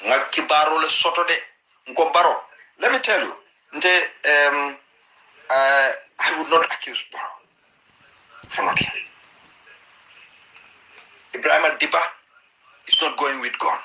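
A man's voice: on the high side, a little slow, pauses often, sharp tone, rough recording. A Gambian man giving impassioned political commentary, repeating his points for emphasis. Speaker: political party activist.

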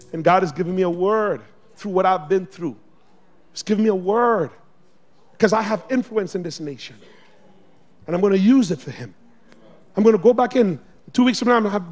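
A man preaching a sermon in a church, exhorting the congregation and swinging between loud shouts and quiet asides. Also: sits high. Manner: exhorting, calls on the congregation to respond. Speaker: pastor. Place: church sanctuary.

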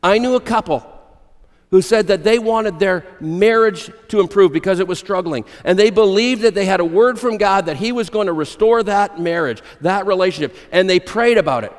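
A man's voice: sits high, moderate pace. Emphatic male pastor preaching in a reverberant church. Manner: emphatic, repeats key phrases, tells illustrative stories. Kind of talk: sermon. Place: church sanctuary.

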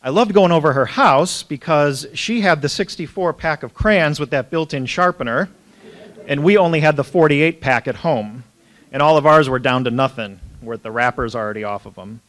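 A man's voice: medium pitch, fairly bright tone. A middle-aged man, a priest, telling humorous self-deprecating childhood stories in an easygoing talk full of fillers. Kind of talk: storytelling talk.

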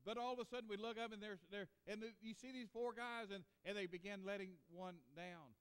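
Male preacher, high voice, earnest and emphatic, Sunday sermon in a church with long reverb. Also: steady tone, fairly quick, clear, resonant tone. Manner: earnest, emphatic, swings between loud and hushed. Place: church sanctuary.

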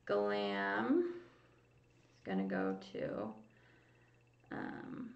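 Speaking extremely slowly, a woman with a gravelly, mid-range voice and huge pitch swings hosts a casual livestream. She chats with viewers, reads their comments aloud, and hums while waiting. She's recorded from a distance on lo-fi, roomy home stream audio.

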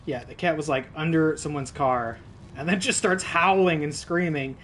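A man's voice: a little high, moderate pace, fairly bright tone, a little hiss or hum. A man streaming a video game, telling a rambling, profane story in casual live-stream chat.

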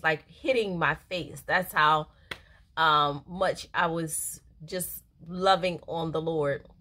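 A woman's voice: lowish voice, sharp tone. A middle-aged woman reading a daily devotional aloud and reflecting on it in a casual, earnest, emotional way, laughing easily. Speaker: devotional speaker.

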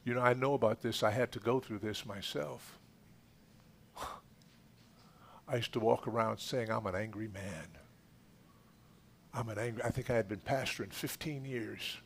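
A fervent middle-aged pastor leads healing prayer in a church. His voice is mid-pitched and commanding. He swings from loud shouted rebukes down to hushed murmurs. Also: a little slow, gravelly, long pauses, slight background noise. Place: church sanctuary.

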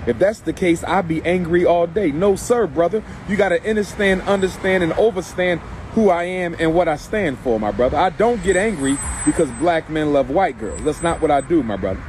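A man's voice: fairly high pitch, animated, fairly quick, few pauses, a little mellow, a little hiss or hum. A man giving an impassioned, preachy monologue in reply to a clip. He repeats himself for emphasis and keeps calling the listener brother. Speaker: commentator responding to a clip.

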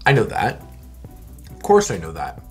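Profane, animated man from Montreal. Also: lowish voice, moderate pace, husky, soft background music. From Montreal, Canada. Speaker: guest. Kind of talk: casual interview while eating hot wings.

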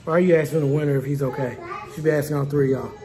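A man's voice: fairly high pitch, fairly even intonation, racing, echoey room. A man at home teasing and trash-talking his wife after a playful game. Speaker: husband.

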